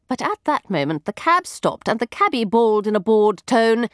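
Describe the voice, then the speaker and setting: A woman narrating a first-person audiobook in an expressive, lively storytelling manner. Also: fairly high pitch, normal speed, few pauses, no room sound, studio quality.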